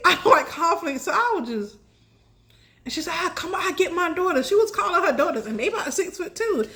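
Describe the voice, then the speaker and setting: Young adult woman, high voice, casual storyteller, chatty, laughs often. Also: sing-song, moderate pace, fairly bright tone. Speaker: tarot reader telling a personal story.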